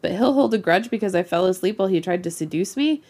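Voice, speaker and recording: A woman's voice: medium pitch, expressive, fast talker, mellow. A woman doing a cheeky, randy young space pirate.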